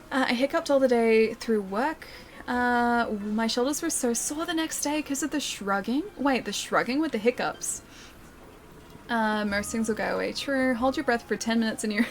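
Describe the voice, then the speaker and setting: A woman's voice: a little high, lively intonation, normal speed, a little hiss or hum. A female streamer chatting casually while playing a game and reading chat aloud, self-deprecating and laughing often.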